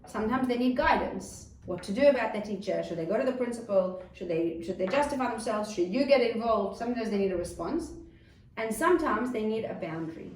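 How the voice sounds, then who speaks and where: A woman's voice: a little high, a little fast. A woman giving an earnest talk on parenting to a group, recorded in an echoey room away from the mic. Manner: earnest, animated when acting out a child's outbursts. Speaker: parenting teacher. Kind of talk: lecture to a group. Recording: echoey room, mic at a distance, faint ambience.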